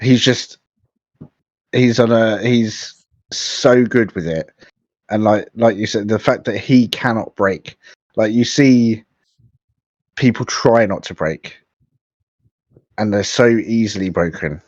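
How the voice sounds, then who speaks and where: A man's voice: lowish voice, takes it slowly, pauses often, darkish tone, no echo, lo-fi sound. A man co-hosting a podcast in casual chat, often laughing and acting out quotes as he retells things. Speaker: podcast co-host.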